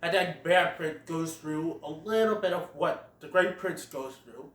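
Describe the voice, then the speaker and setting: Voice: mid-range voice, a little slow. A film reviewer recapping scenes in a casual way, often breaking into laughter. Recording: roomy sound, far from the mic.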